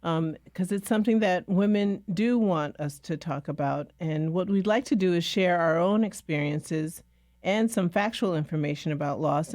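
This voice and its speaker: Measured woman co-hosting a podcast. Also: lowish voice, a little mellow, dry recording, studio quality. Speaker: podcast co-host. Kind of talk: casual podcast conversation.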